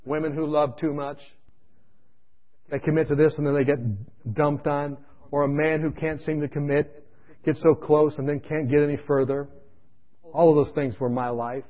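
A man preacher telling his own testimony in a sermon, dramatic and shifting from loud to hushed, in a dull lo-fi radio recording. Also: on the high side, level tone, moderate pace, pauses often. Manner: dramatic storytelling, swinging between loud and hushed.

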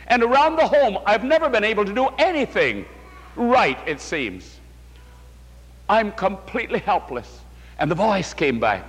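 Older male preacher, high voice, heartfelt storytelling, reverberant hall recording. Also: very animated, normal speed, fairly bright tone. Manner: emotional storytelling, addresses listeners as "my friends". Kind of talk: sermon.

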